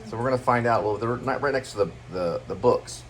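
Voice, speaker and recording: A man's voice: mid-range voice, a little fast, a little hiss or hum. Rambling middle-aged man chatting at home. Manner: rambling, loses his train of thought. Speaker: vlog co-host. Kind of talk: casual home chat over a meal.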